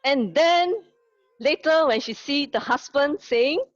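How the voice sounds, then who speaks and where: Slow-speaking woman teacher. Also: sits high, animated, no room sound, dull audio. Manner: asks the class questions, then tells a story. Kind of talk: online lesson told as a story.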